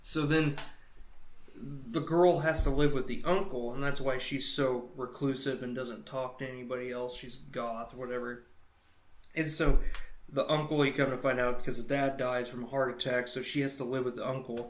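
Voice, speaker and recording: A man's voice: mid-range voice, steady tone, moderate pace. Man, podcast co-host, loose cursing recap, roomy echo. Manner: profane, rambling storytelling. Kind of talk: casual movie recap.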